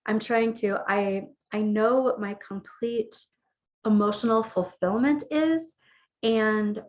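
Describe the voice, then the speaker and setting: A woman talks through a tarot reading in a loose, conversational way. Her voice sits at an ordinary middle pitch. She often restates and rephrases a line before moving on to the next card. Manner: conversational, repeats and rephrases phrases. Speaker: tarot reader. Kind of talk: casual spoken tarot reading.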